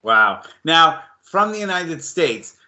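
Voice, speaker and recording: A man hosting an interview, asking questions haltingly and restarting them. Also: on the high side, big pitch swings, sharp tone. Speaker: interview host.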